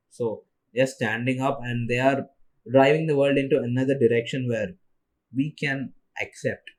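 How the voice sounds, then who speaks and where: A man's voice: mid-range voice, steady tone, normal speed. A young man whose first language is Tamil, hosting a solo podcast and rambling on tiredly, with many restarts. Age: young adult. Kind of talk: casual monologue.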